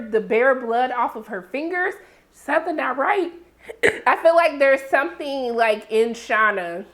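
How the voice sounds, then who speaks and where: A woman giving a sassy, animated TV episode recap, yelling in bursts and acting out characters' lines, with a sore throat. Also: on the high side. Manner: sassy, loud outbursts, acts out characters. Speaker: TV recap reviewer.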